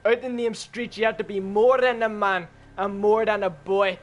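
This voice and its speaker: A man doing a deadpan Russian grandma. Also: sits high, normal speed, lightly acted. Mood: lecturing. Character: stern older Russian grandmother, stone-faced and scornful.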